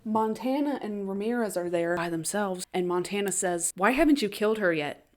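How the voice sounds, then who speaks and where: Woman YouTuber, casual recap, animated delivery with frequent laughs and quick character voices. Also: medium pitch. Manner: animated, jumps into quoted voices, laughs often.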